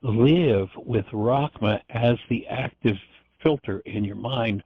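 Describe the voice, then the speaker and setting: A man's voice: medium pitch, slow, breathy edge, no room sound. An older man hosting a radio show, giving a reflective spiritual talk and telling stories with frequent restarts. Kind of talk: spiritual teaching monologue. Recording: dry, dull lo-fi radio sound.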